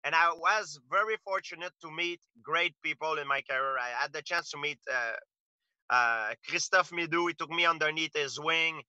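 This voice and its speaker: A man's voice: fairly high pitch, steady tone, moderate pace, pushed and bright, no room sound, highs cut off. Earnest man. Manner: earnest storytelling with frequent restarts. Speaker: interview guest, fighter. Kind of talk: casual interview talk.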